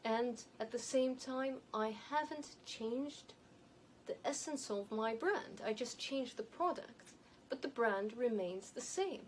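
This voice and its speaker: Woman, light non-native accent, higher voice, measured and emphatic style advice, faint hiss. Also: low-quality recording. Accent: light non-native, elocution-trained. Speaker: image and style consultant. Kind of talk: advice monologue to camera.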